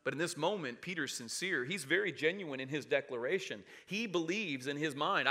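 A man preaching a sermon, calling on the congregation to say verses with him, swinging from loud emphasis to hushed quiet. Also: on the high side, sing-song, moderate pace. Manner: preaching with rising emphasis and audience call-and-response. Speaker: pastor.

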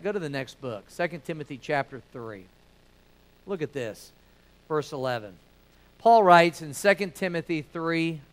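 Folksy preacher man, high clear voice. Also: low-quality recording. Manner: folksy storytelling, rising emphasis and dropping to quiet asides. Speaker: pastor. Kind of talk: sermon.

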